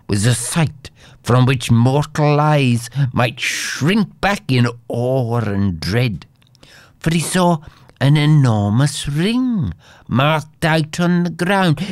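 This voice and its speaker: A man's voice: mid-range voice, no room sound, studio quality. A man reading an old fairy tale aloud in a dramatic way, dropping into whispers at tense moments. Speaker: storyteller.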